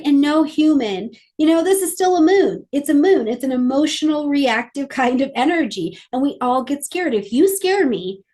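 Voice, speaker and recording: A woman astrologer talking through a weekly astrology forecast in a lively, conversational way, sometimes acting out little voices. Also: fairly high pitch.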